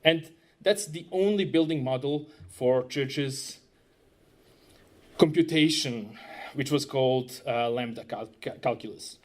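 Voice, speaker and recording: A man's voice: mid-range voice, slow, darkish tone. A man presenting a technical conference talk, conversational and self-deprecating, often asking the audience questions. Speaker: conference speaker, web developer.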